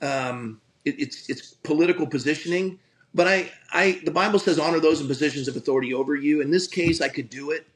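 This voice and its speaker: Man, middle-aged, pastor, conversational storytelling, earnest, stammering restarts, fairly high pitch. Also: brisk, rough recording. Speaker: pastor and guest telling a story.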